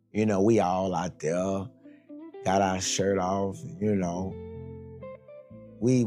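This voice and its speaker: A male preacher with a gravelly, creaky voice at a middle pitch. His delivery is lively and animated, swinging up and down as he acts out his stories. He preaches in a loose, colloquial way, with soft music playing faintly behind him. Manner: animated, dramatic storyteller acting out scenes. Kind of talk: sermon storytelling.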